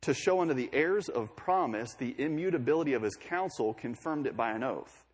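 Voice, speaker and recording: A man's voice: medium pitch, animated, a little fast, husky. A young man preaching a sermon in a conversational way, with joking asides between scripture readings.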